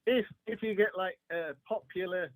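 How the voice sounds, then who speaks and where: High-voiced English man chatting. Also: fairly even intonation, moderate pace, dry recording, rough recording. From England. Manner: hesitant, many restarts and fillers. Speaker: guest. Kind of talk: casual podcast chat.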